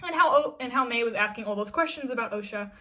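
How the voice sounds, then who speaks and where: Woman, casual recap vlog, chatty with fillers, bright forceful tone, fairly high voice. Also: lively intonation, fast talker. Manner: chatty, many fillers and restarts. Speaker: TV episode reviewer.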